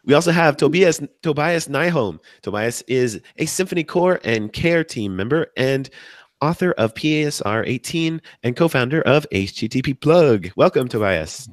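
Podcast host, male, hoarse from a cold, chatty and upbeat, dry close-up sound. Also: lively intonation, normal speed, no room sound. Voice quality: deep from sickness. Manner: chatty, upbeat, wanders off topic. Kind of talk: live podcast hosting.

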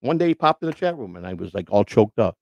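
A middle-aged man, ranting on his livestream, stumbling over restarts and swinging between loud outbursts and quiet asides. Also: fairly low pitch, very animated, quick pace, no echo, lo-fi sound. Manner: indignant, repetitive restarts, swings loud and soft. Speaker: livestream host.

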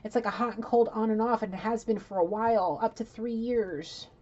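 Mellow, blunt woman giving a casual reading. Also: a little high, fairly even intonation, brisk, dull audio. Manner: rambling, blunt, chatty, swears. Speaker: psychic tarot reader.

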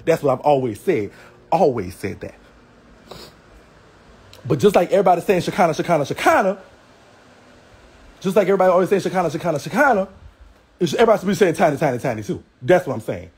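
A man's voice: fairly high pitch, animated, fast talker, long pauses, a little mellow, breathy edge. A man ranting on a livestream, brash and profane, trash-talking with a Southern US accent and frequent laughs. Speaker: live streamer. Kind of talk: livestream rant.

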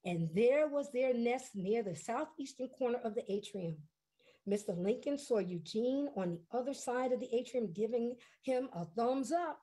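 A woman storyteller telling a story to families in an expressive, unhurried way. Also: medium pitch.

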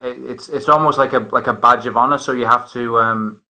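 A man's voice: medium pitch, fairly even intonation, fairly quick, pushed and bright, rough recording. A man hosting a casual chat, rambling with many restarts and fillers. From northern England. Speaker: host.

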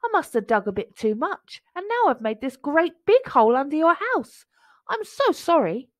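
A woman's voice: sits high, sing-song, moderate pace, no echo, voice pushed up. A woman reading aloud and voicing a little male mole who sounds apologetic and sweet.

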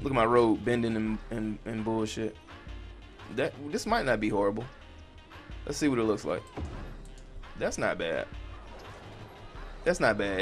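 Cursing young man narrating his gameplay. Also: fairly low pitch. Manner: frustrated, swears a lot, talks to the viewers. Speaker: gaming channel host. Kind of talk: casual let's-play commentary.

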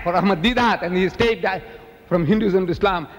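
An older man from South Africa giving an animated public lecture, telling stories and mimicking the people in them. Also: sits high, fast talker, in a large hall. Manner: animated storytelling, mimicking others. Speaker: preacher.

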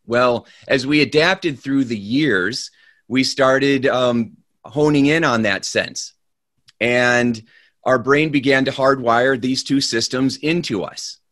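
A man giving a motivational talk, telling a joke with lively energy before moving into a calm explanation. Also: no echo. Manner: animated storyteller, grows loud and high in the punchline. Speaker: motivational speaker.

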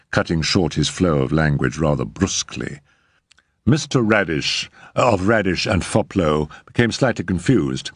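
A man narrating a classic short story as an audiobook, with lively storytelling. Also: very deep voice, breathy edge, dry recording.

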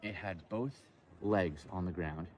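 A man hosting a casual outdoor live stream by a lake, joking and rambling in an animated way. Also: deep voice, takes it slowly, slight background noise.

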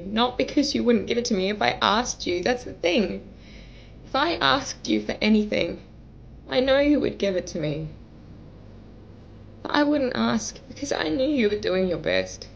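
This medium-pitched, creaky female voice belongs to a young vlogger delivering a tearful, pleading message to camera, her voice breaking when she cries at times. The recording sounds muffled, and there's slight background noise.

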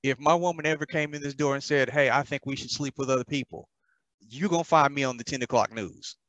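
A man's voice: medium pitch, fairly quick, fairly bright tone. A man co-hosting a podcast, teasing his co-host with dry, blunt remarks during casual banter.

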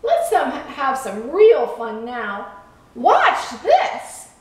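A woman voicing a cocky, mischievous little male boat in a children's storybook, teasing and excitable. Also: high voice, takes it slowly, full character voice. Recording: echoey room, far from mic.

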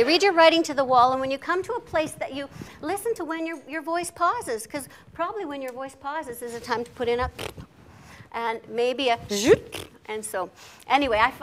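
Brief: middle-aged woman presenter, high and bright, lively teacher-workshop delivery. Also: slight background noise. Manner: lively, chatty, self-deprecating, with laughs. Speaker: literacy presenter.

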